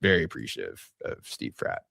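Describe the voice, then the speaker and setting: A man's voice: rumbling low, sing-song, a little fast, gravelly, bright, forceful tone, husky, dry recording, studio quality. A young man coaching basketball, chatting on a podcast in a laid-back, rambling way with many restarts. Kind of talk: casual podcast chat.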